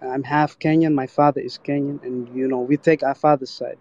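A man's voice: mid-range voice, little pitch movement, fairly quick, a little mellow, no room sound. A man from Eastern Europe calling in to a live chat, speaking hesitantly with many fillers. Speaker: caller. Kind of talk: casual call-in chat. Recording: dull lo-fi phone line.

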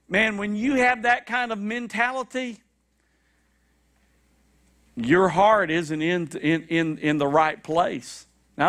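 A man preaching a sermon, animated and repetitive, with shouted high-pitched acted quotes, in a church. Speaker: pastor. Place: church sanctuary.

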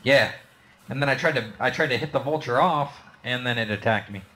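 A man of middle pitch talks easily through a co-op game session with a friend. He stays laid-back, then bursts out with a curse when something goes wrong. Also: brisk, pushed and bright, slight background noise. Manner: laid-back, with sudden swearing outbursts. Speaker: gamer. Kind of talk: casual co-op gameplay chat.

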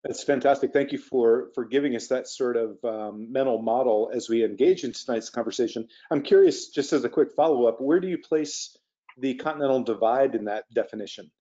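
Male moderator from Virginia, mellow and dark tone, friendly hesitant questions, muffled recording. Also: mid-range voice, fairly quick. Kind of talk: moderated public conversation.

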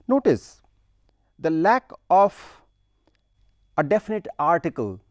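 A man giving a university lecture on a poem, slow and deliberate, stopping to recite lines of verse with heavy emphasis. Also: a little high, very animated, no echo. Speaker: literature lecturer.

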